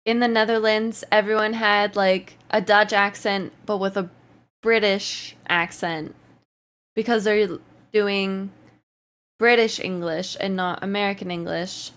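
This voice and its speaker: A woman's voice: mid-range voice, steady tone, a little slow, fairly bright tone. A woman livestreamer chatting casually, reading out and answering her chat while often laughing. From Canada.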